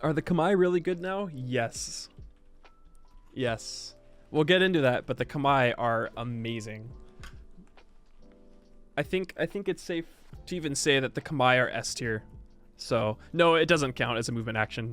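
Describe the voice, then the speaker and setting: A male streamer talks through a game update in loose, casual chat, stalling and restarting his sentences and digging in when he insists on a point. His voice sits at an ordinary middle pitch. Quiet music plays faintly under him. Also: normal speed. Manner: rambling, stop-start, reacts to chat, insistent. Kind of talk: casual livestream patch review.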